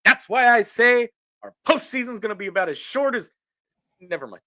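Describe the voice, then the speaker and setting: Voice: mid-range voice, lively intonation, moderate pace, sharp tone, dry recording. A sports talk show host giving blunt opinions, tripping over restarts when worked up.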